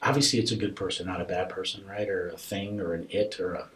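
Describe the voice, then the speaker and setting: A man on a podcast telling a personal story in a casual interview, animatedly acting out both sides of the dialogue and dropping to a soft, hushed voice at tender moments. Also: low-pitched, steady tone, quick pace. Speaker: podcast guest.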